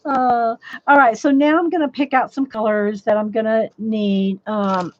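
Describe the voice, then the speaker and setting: With a fairly high, steady voice and measured pace, a woman runs a livestream teaching colored-pencil drawing, rambling through frequent restarts and calling out viewers by name. A slight crackle runs through her voice, captured as dull, dry lo-fi audio on a desk microphone.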